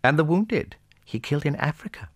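A man voicing a young princess who reacts with high, startled exclamations in a dry, close reading. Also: very animated, brisk, slightly rough, no echo. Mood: shocked. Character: little princess, young woman, shocked and chattering.

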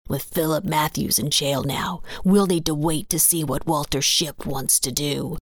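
A woman reading aloud, voicing a gruff, rough-voiced male gang member in a western story. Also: sits low, fairly even intonation, measured pace, dry recording, clean studio sound. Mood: stern.

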